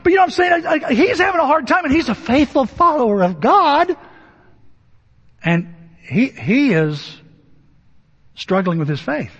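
A male pastor giving a conversational, humorous sermon and acting out Bible figures in quick asides. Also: very high-pitched, big pitch swings, a bit bright. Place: church sanctuary. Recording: dull sound in a hall with long reverb.

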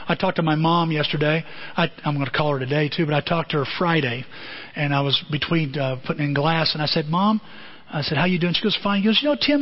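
A middle-aged male pastor preaching a sermon in a conversational way, with many rhetorical questions. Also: fairly high pitch. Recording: dull lo-fi audio.

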